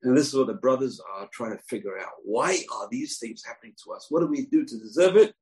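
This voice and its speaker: A man teaching a weekly Torah portion class, telling the story in an animated way, acting out the quotes and often pausing on uh. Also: medium pitch. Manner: animated storytelling, acts out quotes, frequent uh fillers.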